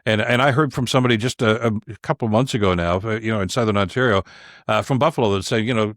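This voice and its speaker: A man speaking as a guest, giving his opinions in an emphatic, animated way and repeating words as he starts each point. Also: on the low side, fast talker, dry recording, clean studio sound. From Canada. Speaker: podcast host as guest. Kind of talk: conversational opinion talk.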